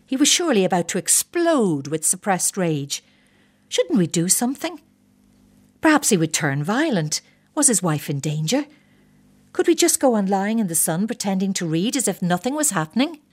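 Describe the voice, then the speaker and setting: An older woman reading a personal story aloud in a wry, measured way. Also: mid-range voice, big pitch swings. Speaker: narrator.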